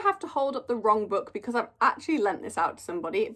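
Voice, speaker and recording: A woman's voice: a little high, very animated, quick pace, fairly bright tone. A young woman chatting casually through a monthly reading wrap-up, gushing and storytelling with lots of "like". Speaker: book reviewer.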